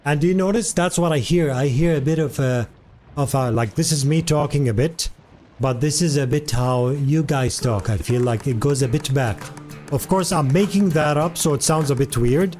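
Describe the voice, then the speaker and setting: A man's voice: on the high side, normal speed, a little mellow, faint music behind. Chatty, rambling male streamer. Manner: rambling, chatty, many fillers, answers chat. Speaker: live streamer. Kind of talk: casual stream chat.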